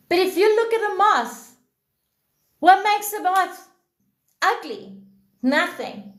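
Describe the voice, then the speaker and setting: A woman giving a spiritual talk on a live stream, answering her chat and repeating key phrases slowly for emphasis. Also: extremely high pitch, reverberant.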